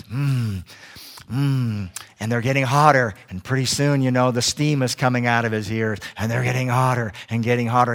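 A man preaching a sermon as a guest preacher, telling animated stories and joking with the congregation. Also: mid-range voice. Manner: animated storytelling, acts out little scenes; jokey with the congregation.

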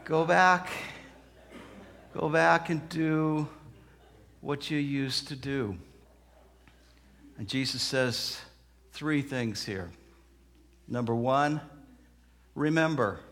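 A male preacher with a high, bright voice delivers a sermon at an unhurried pace. He tells stories and acts out their characters, moving from hushed, drawn-out lines to loud, emphatic ones. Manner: dramatic, acts out quoted voices, swings from soft to loud. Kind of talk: sermon with storytelling.

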